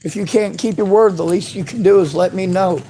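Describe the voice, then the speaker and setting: A man with a notably high voice rants straight at the camera, bitter and swearing freely. He talks at the people who have let him down, and faint ambient noise hums behind him. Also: fairly quick, dark tone. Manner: bitter, profane ranting. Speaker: vlogger. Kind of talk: angry monologue to camera.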